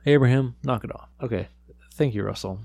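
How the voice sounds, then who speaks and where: An earnest small-town radio host, played by a man who reads even grim news in a flat, deadpan tone. His voice sits in an ordinary middle pitch, recorded dry and close with no room sound. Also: a little fast, creaky, dry recording. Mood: calm. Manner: deadpan, matter-of-fact about grim news. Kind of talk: improvised comedy audio drama.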